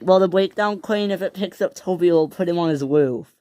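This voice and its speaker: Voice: mid-range voice, fairly quick, dark tone, no room sound, voice pushed up, natural voice. A narrator voicing a stern male railway boss scolding the toy engines. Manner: stern, commanding. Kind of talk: toy train storytelling.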